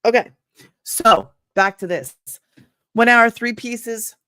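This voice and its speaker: A woman's voice: fairly high pitch, slow, pushed and bright. A middle-aged woman teaching in a loose, chatty livestream, laughing often and wandering off topic before pulling herself back. The sound is dry and close, with no room echo. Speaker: online business coach. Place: home room.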